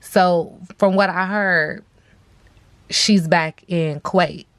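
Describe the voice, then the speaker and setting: A woman's voice: fairly low pitch, fairly even intonation, takes it slowly, a bit bright, dry recording. A woman giving a casual tarot reading, chatty and blunt, with plenty of slang and fillers. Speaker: tarot reader.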